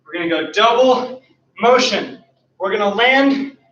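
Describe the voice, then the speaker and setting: A man with a high, bright voice coaches a martial arts class while he demonstrates the kicks himself, counting each move and calling out cues. He is out of breath, and he sounds far from the mic in a roomy studio with a dull recording. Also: expressive, a little slow. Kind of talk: online class instruction.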